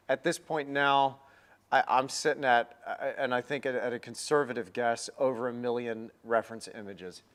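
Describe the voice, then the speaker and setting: A young man giving a live painting lesson, chatty and rambling with a self-deprecating manner. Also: mid-range voice. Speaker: painting instructor.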